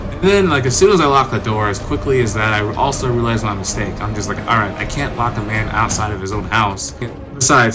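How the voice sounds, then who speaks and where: A young man vlogging, telling a personal story in an animated, conversational way with lots of filler words. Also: medium pitch. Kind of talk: storytime narration.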